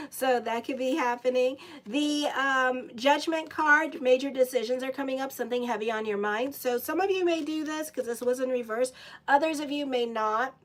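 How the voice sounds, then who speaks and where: A woman with a somewhat high voice gives a casual live tarot reading. She talks loosely and conversationally, drifting into asides to her audience and her cat before returning to the cards. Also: moderate pace. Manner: chatty, breaks off into asides to viewers and her cat. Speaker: astrologer and tarot reader.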